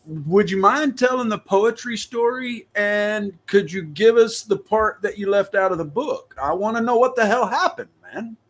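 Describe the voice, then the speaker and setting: Laid back guy hosting a podcast, chatty, says man a lot, kinda high voice. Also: moderate pace, hardly any pauses. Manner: casual, relaxed, chatty, says man and right often. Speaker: podcast host. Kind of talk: casual interview questions.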